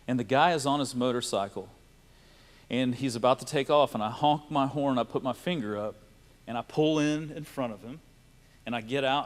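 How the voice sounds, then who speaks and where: A man's voice: mid-range voice, normal speed. A man, telling a personal faith story to a live audience in a storytelling way. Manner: storytelling, laughing and tearful in places. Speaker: speaker sharing a testimony. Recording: reverberant hall.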